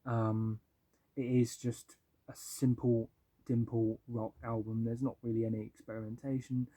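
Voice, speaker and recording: A man's voice: mid-range voice, level tone, unhurried, mellow, no echo. Casual young male vlogger, enthusiastic and rambling, dry close sound. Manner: chatty and enthusiastic, many ums and likes. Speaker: music vlogger. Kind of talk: casual album-ranking talk.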